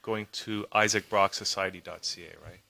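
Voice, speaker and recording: Bright-voiced easygoing male host. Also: lowish voice, fairly even intonation, moderate pace, creaky. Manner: easygoing, filler-heavy, laughs often. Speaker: talk show host. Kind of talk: casual chat.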